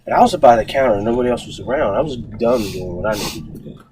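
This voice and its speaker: A man co-hosting a podcast, telling casual stories in an animated way and acting out the people in them, recorded in a home garage. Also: fairly low pitch, fast, background noise. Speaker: podcast co-host. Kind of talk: casual storytelling chat.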